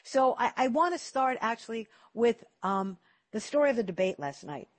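An older woman hosts a radio talk program with a husky, slightly breathy voice. She tells stories with animated emphasis and leans on repeated words to drive her points home. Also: fairly high pitch, moderate pace. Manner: animated storytelling, emphatic repetitions. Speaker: radio talk show host. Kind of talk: casual talk radio chat.

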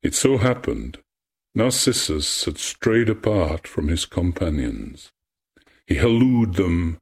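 Male storyteller, low and unhurried, husky, reads myths aloud. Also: very animated. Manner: slow, measured, poetic. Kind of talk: reading a myth aloud.

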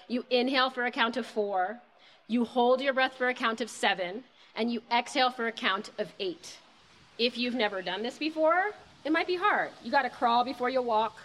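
A woman leading a live group breathing workshop, talking casually and encouragingly and counting the breaths out loud. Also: on the high side. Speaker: breathwork instructor.

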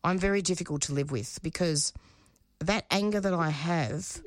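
Low-voiced woman speaking frankly as guest. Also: no echo, clean studio sound. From Australia. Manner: halting, repeats words, emotional and frank. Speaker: radio show producer and host. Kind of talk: interview guest, candid conversation.

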